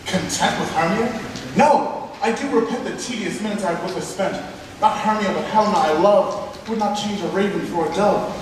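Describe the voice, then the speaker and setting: A man's voice: sits high, moderate pace, slight background noise, natural voice. A teenage boy playing an ardent, fickle young nobleman in a school stage play, declaiming passionately, recorded in an echoey hall from far off. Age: teens. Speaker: student actor.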